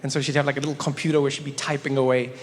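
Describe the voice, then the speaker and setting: A man telling a stand-up comedy story, animated and playful. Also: mid-range voice, rapid-fire, in a large hall.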